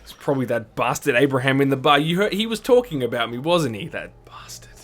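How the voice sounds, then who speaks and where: A wary middle-aged shopkeeper, as a man plays him, grumbling and suspicious. His voice sits at an ordinary pitch and sounds like everyday talk. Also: lively intonation, fairly quick, a bit bright.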